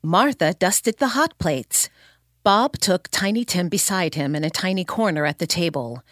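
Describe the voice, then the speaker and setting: Expressive woman reading a storybook. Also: moderate pace, dry recording, studio quality. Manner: expressive storytelling, lively pitch. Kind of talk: scripted narration of a classic story.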